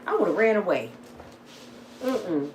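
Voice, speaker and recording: Animated, plain-spoken woman talking to viewers. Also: fairly low pitch, measured pace, background noise. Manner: animated storyteller, swings from joking to heated and preaching. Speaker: vlogger. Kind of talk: casual storytelling and emotional monologue.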